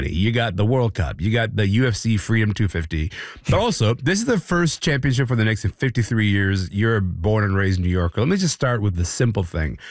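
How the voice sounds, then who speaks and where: A man's voice: fairly low pitch, no echo, studio quality. A man hosting a talk show in a casual, chatty way, with plenty of filler words. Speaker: radio show host.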